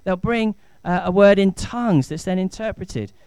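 A man's voice: sits high, moderate pace, darkish tone, clean tone, no room sound. A man in his thirties, a pastor giving a chatty, enthusiastic family talk in church. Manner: chatty, enthusiastic, rising to emphatic.

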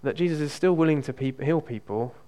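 A man preaching in a relaxed, conversational way, with frequent ums and small restarts as he tells a personal story. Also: on the high side, fairly quick. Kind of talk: conversational sermon with personal testimony.

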